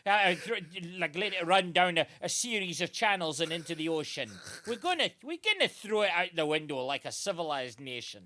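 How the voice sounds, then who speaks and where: A man voicing an indignant old father who shouts at his son, laughing through his lines. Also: high voice, very animated, a little fast, few pauses, voice pushed up, heavily acted. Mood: outraged.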